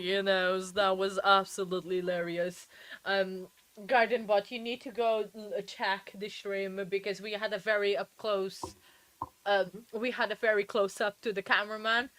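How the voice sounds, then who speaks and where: A woman's voice: mid-range voice, fairly bright tone, dry recording. A woman hosting a live stream in a casual, chatty way, often laughing and talking straight to her viewers. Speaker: livestream host.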